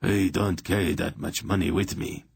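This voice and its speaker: A man voicing an excitable, plaintive male king in an audiobook, protesting and quick to shout. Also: deep voice, creaky, slightly rough, no echo, studio quality, full character voice. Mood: agitated.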